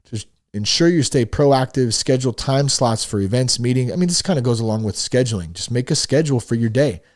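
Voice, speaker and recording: A man hosting a casual solo podcast, reading a list of tips and commenting on each one in an animated, profane, buddy-like way. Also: medium pitch, fairly quick. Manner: animated, swearing, talks to listeners as "dude". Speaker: podcast host.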